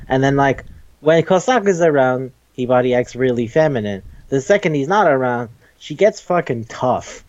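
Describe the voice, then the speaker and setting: A man's voice: medium pitch, lively intonation, normal speed, darkish tone, dry recording. A man hosting a casual manga review, rambling with frequent laughs and casual swearing. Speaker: podcast host. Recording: dull lo-fi dry recording.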